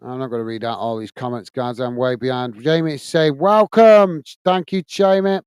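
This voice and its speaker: A man in his forties, a football channel host from England, chatting through viewer comments on a live watch-along and grumbling at laggy software. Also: medium pitch, normal speed, smooth, no room sound.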